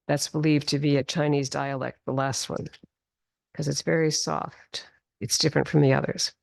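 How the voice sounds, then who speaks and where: A woman teaching a qigong and tai chi class, giving calm, slow instructions and drawing out the healing sounds. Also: low-pitched, gravelly, dry recording, clean studio sound. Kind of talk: guided movement class. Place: studio class in the city.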